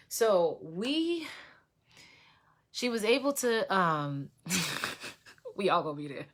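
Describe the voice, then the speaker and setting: A woman's voice: on the low side, sing-song, slow, long pauses. A woman hosting an online prayer stream, sharing a testimony in casual, emotional talk, repeating herself and speaking straight to her viewers. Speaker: host of an online prayer livestream. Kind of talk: casual testimony to a live audience.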